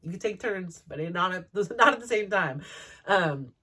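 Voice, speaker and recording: A woman's voice: fairly low pitch, expressive, moderate pace, sharp tone, breathy edge, recorded from a distance. Chatty woman telling stories, slightly off-mic. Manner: chatty, laughs often, many "like" fillers. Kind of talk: personal storytelling.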